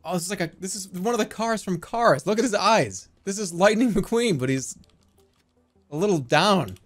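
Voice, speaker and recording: A male streamer giving casual gameplay commentary, excitable and swearing, with loud shouting outbursts. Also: high-pitched, moderate pace, soft background music.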